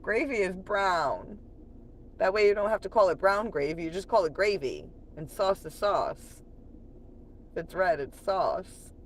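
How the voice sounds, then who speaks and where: A woman's voice: lowish voice, a little hiss or hum. A woman chatting on a late-night livestream from home, profane and laughing often while she reads chat aloud.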